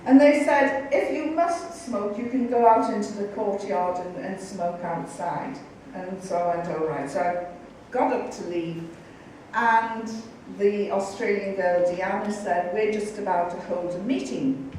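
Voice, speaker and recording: A woman's voice: medium pitch, unhurried, slight background noise. A middle-aged woman giving a storytelling talk at a university event, acting out the voices of the people she quotes. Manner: lively, acts out quoted voices. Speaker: guest speaker. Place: university lecture hall. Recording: echoey hall from far off.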